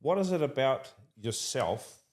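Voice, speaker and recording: Speaking at a measured pace in a medium pitch, this man with a New Zealand accent chats animatedly with an interview guest. He laughs frequently and keeps starting his sentences over.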